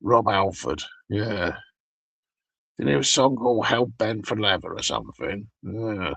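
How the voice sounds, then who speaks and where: Gravelly, crude-talking British man. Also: lowish voice, lively intonation, measured pace, a bit bright, no room sound, poor audio. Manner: crude, profane, rambling storytelling. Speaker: live streamer. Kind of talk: rambling casual chat.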